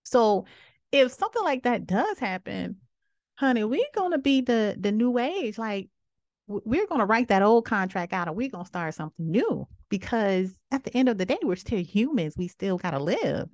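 A woman in her thirties hosting a podcast, giving outspoken, sassy opinions in a casual way, with sudden jumps from low murmurs to high exclamations. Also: big pitch swings, normal speed, a little mellow, no echo. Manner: sassy, outspoken, preachy asides. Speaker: podcast host.

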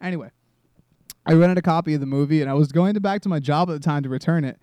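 A man's voice: a little high, fast, mellow, clear, resonant tone, dry recording. A man in his twenties hosting a solo comedy podcast, rambling and self-deprecating, swearing often and restarting his sentences. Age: 20s. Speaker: podcast host.

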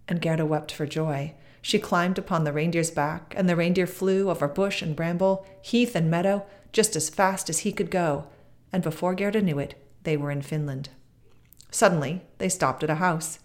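A woman with a low voice reads a fairy tale aloud. Her narration is measured and expressive, a storyteller's steady pace. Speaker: podcast guest reading aloud.

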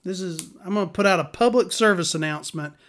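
A woman's voice: fairly low pitch, fast talker. A woman from Alabama talks. She tells stories in a casual, exasperated rant, blunt and full of profanity.

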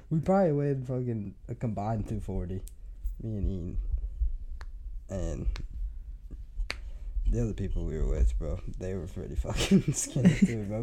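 A man's voice: on the low side, warm tone, a little hiss or hum. A young man telling a rambling, profane story on a podcast, laughing often. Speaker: podcast host. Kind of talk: casual storytelling.

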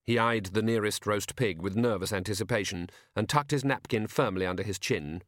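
A man narrating a comic fantasy audiobook in a lively, expressive reading. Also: on the low side, brisk, no echo, clean studio sound. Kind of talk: scripted narration.

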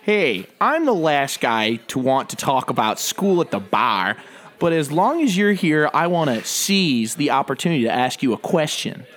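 Smug preppy college guy, a man doing the voice, condescending, slow and raised in pitch. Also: sing-song, a bit bright. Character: entitled preppy male college student.

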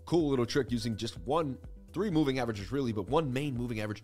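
A man's voice: medium pitch, fast talker, a little mellow, soft background music. A man hosting a casual market-analysis livestream, rambling in a conversational, self-assured teaching way. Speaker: host.

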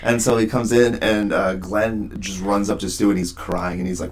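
A man co-hosting a casual book discussion, retelling scenes in a relaxed, rambling way with lots of filler words. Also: deep voice, a little fast, few pauses, a little hiss or hum. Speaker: podcast co-host.

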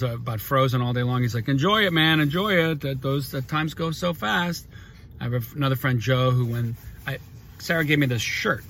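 A man's voice: on the high side, a bit bright, a little hiss or hum. A man in his forties rambling through personal stories in casual talk, emotional and often cutting himself off. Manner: rambling, emotional, self-interrupting.

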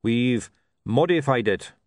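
A man's voice: medium pitch, lively intonation, slow pace, dry recording, studio quality. A man voicing a patient, matter-of-fact male dwarf who runs a print shop.

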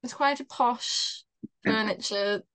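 A woman's voice: fairly high pitch, takes it slowly, crowd noise. A young woman, a podcast co-host telling stories in casual chat and laughing often as she talks. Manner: chatty storyteller, laughs often while talking.

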